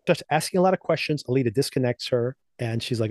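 This man co-hosts a podcast where he casually recaps and reviews TV episodes, laughing often and leaning on fillers in loose, chatty talk. His medium-pitched voice is expressive and quick, slightly mellow, with no echo.

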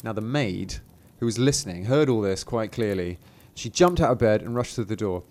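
A male host retelling an old fairy tale in a relaxed, chatty way. His voice rises and falls a lot as he narrates, and he slips in jokey asides and small laughs. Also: on the low side, moderate pace. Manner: playful retelling with asides and chuckles. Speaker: podcast host. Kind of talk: casual storytelling.

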